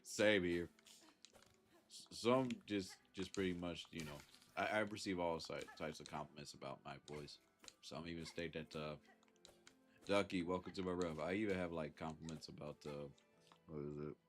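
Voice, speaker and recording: Deep-voiced laid-back Southern man streaming. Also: fairly even intonation, normal speed, soft background music. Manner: laid-back, chuckles often, thanks chatters. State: congested from a sinus infection. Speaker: live streamer. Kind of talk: casual live-stream chat.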